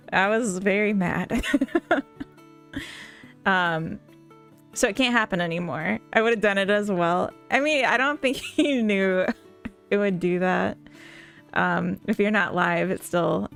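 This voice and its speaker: Slow-talking, giggly Minnesotan woman. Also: mid-range voice, fairly bright tone. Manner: giggly, rambling, full of fillers. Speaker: live-streaming game developer. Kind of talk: casual live-stream chat with viewers.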